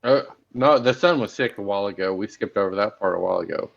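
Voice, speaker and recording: A man's voice: fairly low pitch, fast, vocal fry. A man, co-hosting a podcast and retelling movie scenes in casual chat. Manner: retells scenes, acting out quotes. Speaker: podcast co-host. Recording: dull lo-fi sound.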